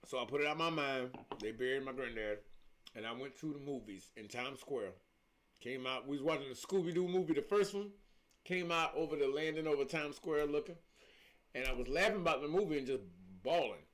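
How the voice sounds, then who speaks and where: A man's voice: mid-range voice, a little fast, a bit bright. A middle-aged man, talking casually on a livestream as a spiritual life coach, emphatic and preachy, telling stories with lots of repetition.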